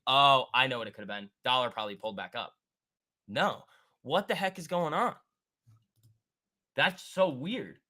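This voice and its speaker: A man with a medium-pitched voice hosts a live stock trading stream, giving market commentary. He thinks aloud and answers chat in a quick, excitable way.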